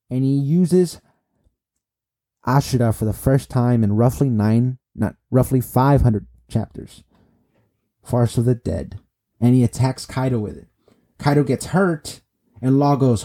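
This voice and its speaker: A man casually recapping a comic chapter, excitable and repetitive, talking straight to his viewers. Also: mid-range voice, unhurried, long pauses, dry recording, clean studio sound. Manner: excitable, repetitive, speaks to viewers as guys and bro. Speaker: manga recap vlogger.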